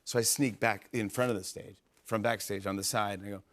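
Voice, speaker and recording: A man in his forties hosting a talk show, telling an excited, rambling story full of fillers and quick impressions. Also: fairly low pitch. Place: television studio.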